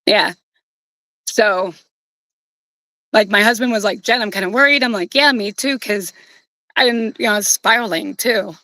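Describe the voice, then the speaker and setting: Woman, bright tone, dry close sound, casual rambling story, lots of swearing. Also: medium pitch, moderate pace, long pauses, dry recording, poor audio. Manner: blunt, heavy swearing, rambling. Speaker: streamer telling a personal story.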